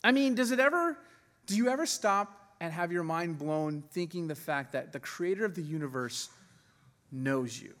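Male pastor, higher-pitched, animated sermon delivery, recorded in a reverberant church hall. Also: moderate pace. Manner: animated, laughs often, voices quoted figures.

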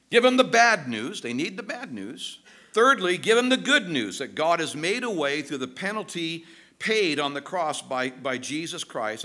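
Male pastor delivering a sermon, high and lively, bright tone, emphatic. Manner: emphatic, animated preaching with dramatic drops in pitch.

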